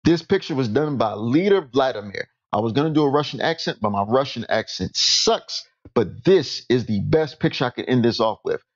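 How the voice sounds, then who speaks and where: A man's voice: medium pitch, animated, normal speed, few pauses, highs cut off. A man hosting his own online channel, talking through a topic in a rambling, casual commentary and often correcting himself mid-sentence. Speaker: YouTube host.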